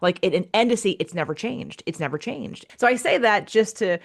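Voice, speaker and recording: A woman's voice: medium pitch, lively intonation, brisk, gravelly. A woman hosting a casual podcast conversation, frank and blunt, who swears casually and acts out the voices of people she quotes. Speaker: podcast host.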